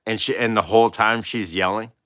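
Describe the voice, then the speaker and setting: Rambling male streamer, bright tone, dry close sound, laughs often. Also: on the low side, fairly even intonation, brisk, dry recording. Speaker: artist hosting a livestream. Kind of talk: casual storytelling.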